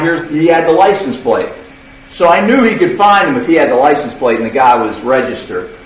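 Guy telling a story in a sermon, kinda high voice, keeps saying okay, sounds far off in a big echoey room. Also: animated, normal speed, a little hiss or hum. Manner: conversational, checks in with okay. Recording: distant, echoey, dull hall recording.

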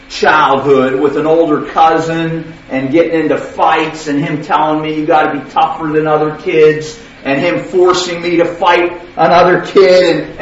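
A man preaching in a conversational storytelling way, often checking in with "okay?". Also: on the high side. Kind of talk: sermon storytelling. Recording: distant, echoey, dull hall recording.

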